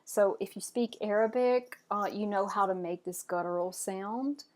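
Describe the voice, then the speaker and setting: A woman teaching a French pronunciation lesson. She talks patiently and encouragingly, saying each word slowly and then asking the listener to repeat it. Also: mid-range voice.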